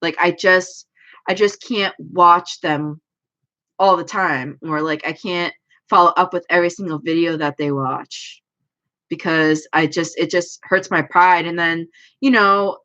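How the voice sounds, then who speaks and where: A woman's voice: lowish voice, fairly even intonation, a little slow, bright, forceful tone. A young woman chatting casually on a livestream from home. She talks in a rambling, self-deprecating way as an anime YouTuber. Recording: dull lo-fi stream audio.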